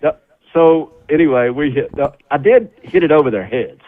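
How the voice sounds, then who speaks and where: Middle-aged male radio guest, folksy storyteller, slightly raised pitch, dry dull radio sound. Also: moderate pace, dry recording. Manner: folksy, animated storyteller with laughter. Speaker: guest, former tour golfer. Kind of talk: storytelling on a radio talk show.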